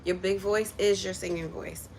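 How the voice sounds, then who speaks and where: Woman, casual creator, livestreams from her kitchen, encouraging voice-coach delivery, mid-pitched, faint background noise. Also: steady tone, normal speed, darkish tone. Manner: chatty, encouraging, coaching step by step. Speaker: content creator and vocal coach. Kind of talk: casual livestream chat with a mini singing lesson. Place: home kitchen while cooking.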